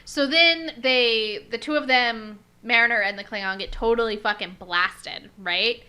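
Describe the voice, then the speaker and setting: Bright-voiced woman recapping an episode. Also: fairly high pitch, measured pace, clear, resonant tone. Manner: animated storyteller, swears freely, acts out quotes. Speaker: podcast co-host. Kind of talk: casual chat, recapping an episode.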